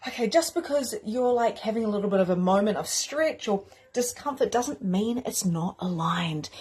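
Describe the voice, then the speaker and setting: A woman spiritual coach speaks in a mid-range, slightly mellow, husky voice on a casual, effusive live stream. She gives a motivational talk straight to her viewers, greeting commenters by name and swearing freely.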